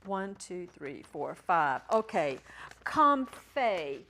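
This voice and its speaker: A woman's voice: lowish voice, very animated, extremely slow, sharp tone. A woman teaching a Greek class in a classroom, chatty and encouraging, joking with her students. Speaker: Greek teacher at a ministry school. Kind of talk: classroom lecture.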